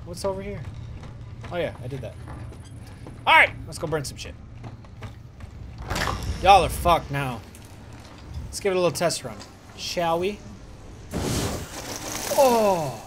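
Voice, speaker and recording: Excitable man narrating his gameplay. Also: a little high, slow pace, long pauses. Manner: playful, excitable, swears freely. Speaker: gaming video host. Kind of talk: casual let's-play commentary. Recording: noisy game audio behind the voice.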